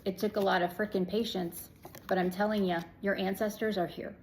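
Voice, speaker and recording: Gravelly-voiced woman giving a tarot reading. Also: mid-range voice, little pitch movement, a little fast, darkish tone, slight background noise, rough recording. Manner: chatty, affirming, swears casually, drops to whispers. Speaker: tarot reader. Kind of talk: casual tarot reading to camera.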